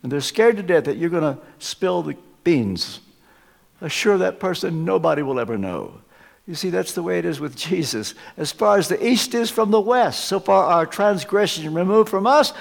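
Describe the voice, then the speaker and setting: A man preaching a sermon at a live church service, emphatic, swinging from loud stresses to hushed asides. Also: sits high, very animated, normal speed, gravelly. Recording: long reverb of a large church.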